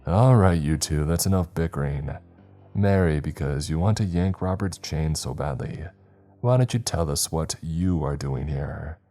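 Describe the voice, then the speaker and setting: A man voicing a calm, kindly male patient who gently reassures and keeps the peace. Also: rumbling low, unhurried, soft background music, full character voice. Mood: reassuring.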